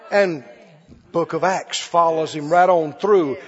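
A preacher delivers a fervent sermon slowly in a fairly high voice, firing rhetorical questions at his congregation. The recording is dull, with long hall reverb.

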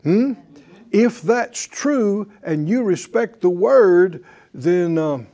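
Male pastor, fairly high mellow voice, emphatic call-and-response sermon in church. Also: expressive, drawn-out words. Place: church before a live congregation.

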